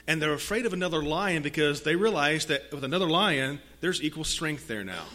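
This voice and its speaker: A man preaching a sermon, swinging from hushed lines to loud emphatic ones and reading scripture aloud with repeated rhetorical phrases. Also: fairly high pitch.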